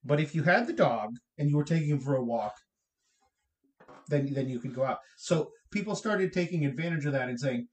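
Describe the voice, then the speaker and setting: A man's voice: fairly high pitch, lively intonation, brisk, a little mellow. A man co-hosting a casual podcast, chatty, laughing often and rambling with restarts. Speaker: podcast co-host. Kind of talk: casual chat.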